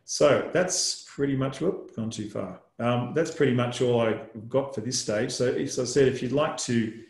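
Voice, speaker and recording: Casting: buyer's agent host, conversational, echoey room. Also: male voice, medium pitch, a little slow, creaky. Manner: conversational, frequent um fillers. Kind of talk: casual webinar presentation. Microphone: video call.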